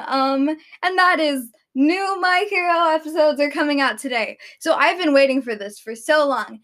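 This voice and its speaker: A woman's voice: high voice, fairly bright tone. A teenage girl vlogging, chatting casually and rambling with many fillers and restarts. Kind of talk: casual chat.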